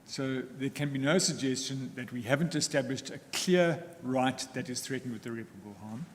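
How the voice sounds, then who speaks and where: A man, arguing as counsel in court in a formal, deliberate way with frequent pauses. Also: medium pitch. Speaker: counsel for the applicants. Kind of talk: formal legal argument in court. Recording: echoey courtroom with faint ambient noise.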